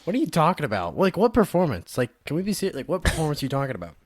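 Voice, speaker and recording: A man's voice: on the high side, wildly swooping pitch, rapid-fire, dry recording, studio quality. A man joining a podcast with silly, playful banter and sudden put-on voices. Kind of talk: goofy comedic banter.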